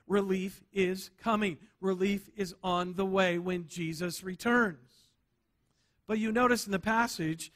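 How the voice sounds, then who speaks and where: Bright high-voiced male preacher. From United States. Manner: emphatic preaching, repeats key words for stress; rhetorical "right?" checks with the congregation. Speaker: pastor. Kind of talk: sermon.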